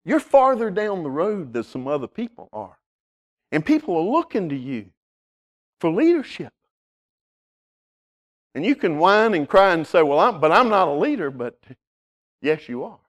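Animated high-pitched male preacher. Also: a little slow, long pauses. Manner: emphatic preaching, swinging from loud to hushed; repeats words when starting phrases. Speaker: pastor. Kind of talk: sermon.

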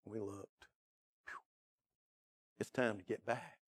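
A man's voice: on the low side, steady tone, takes it slowly, husky. A man pastor telling an emotional personal story in a sermon, then pressing his church with urgent questions and a prayer. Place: church sanctuary.

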